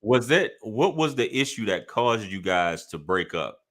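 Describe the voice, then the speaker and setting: Bright-voiced male live-stream host. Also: lowish voice, big pitch swings, a little slow. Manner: easygoing, repeats himself, urges viewers to like. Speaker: podcast host. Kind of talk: casual live-stream interview.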